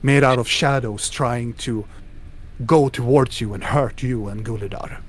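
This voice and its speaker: Slow-talking male game master. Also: medium pitch. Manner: descriptive, with restarts. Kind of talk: narrating a tabletop game.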